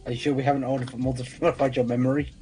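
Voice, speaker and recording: A man's voice: mid-range voice, level tone, rapid-fire, mellow, soft background music, low-quality recording. A man teasing his friends in casual chat while playing a co-op game. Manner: teasing, playful. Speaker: co-op streamer.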